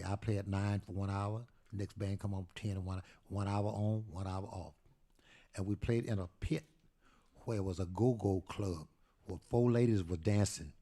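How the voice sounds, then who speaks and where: Older man, gravelly storyteller. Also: lowish voice. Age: 80s. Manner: animated storyteller, acts out quoted voices. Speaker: guest storyteller. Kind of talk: live storytelling at a talk event.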